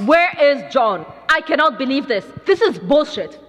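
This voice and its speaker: A woman's voice: sits high, big pitch swings, moderate pace, a bit bright, long reverb tail. A woman playing an incredulous, swearing woman who is being dumped over the phone in a comedy sketch phone call. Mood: indignant.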